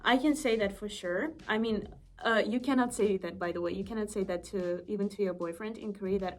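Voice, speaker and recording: A woman's voice: mid-range voice, fairly quick, faint music behind. A young woman from Estonia chatting casually to the camera as a vlogger, emphatic and repeating her points.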